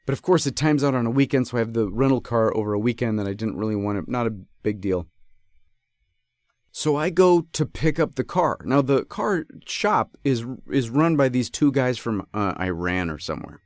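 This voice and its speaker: A man's voice: medium pitch, moderate pace, no echo, studio quality. Rambling man telling a story. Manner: rambling, self-correcting, animated. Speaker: podcast host. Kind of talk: casual storytelling.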